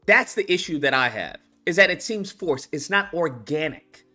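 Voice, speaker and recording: A man's voice: on the high side, expressive, normal speed, bright, forceful tone, faint music behind. A man hosting his own commentary channel, ranting about a video game in a heated, profane way with many restarts.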